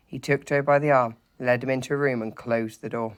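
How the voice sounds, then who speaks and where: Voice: medium pitch, brisk. Teacher reading a storybook aloud. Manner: steady expressive narration with slips.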